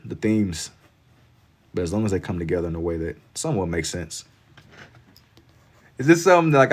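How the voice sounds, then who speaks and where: A man from Kentucky with a Southern accent, chatting casually and rambling with lots of "like" while he draws on a live stream. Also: low-pitched. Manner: laid-back, rambling, heavy on filler "like".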